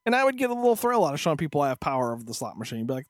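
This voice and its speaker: A man's voice: on the high side, very animated, very fast, no room sound, studio quality. A man co-hosting a podcast, telling a story as a profane, exasperated rant in casual chat. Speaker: podcast co-host.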